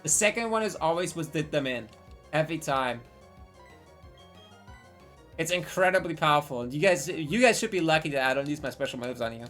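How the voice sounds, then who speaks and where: A woman's voice: sits low, lively intonation, fairly quick, long pauses, fairly bright tone, faint music behind. A woman in her twenties telling a rambling, profane story on a live stream and drifting into tangents.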